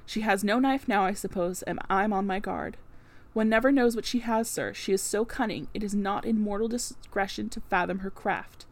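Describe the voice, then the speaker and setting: A woman's voice: mid-range voice, moderate pace. Woman reading a classic novel aloud. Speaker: audiobook narrator. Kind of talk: scripted narration of a classic novel.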